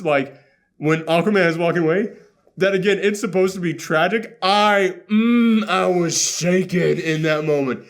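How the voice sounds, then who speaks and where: A man hosting a casual movie reaction chat, sarcastic and laughing often as he acts out scenes in quick voices. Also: sits high. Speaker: podcast host.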